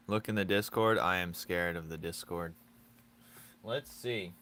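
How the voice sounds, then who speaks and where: A man's voice: deep voice, slow, sharp tone, a little hiss or hum. A man chatting casually with his viewers while drawing on a live stream, teasing and joking, laughing often.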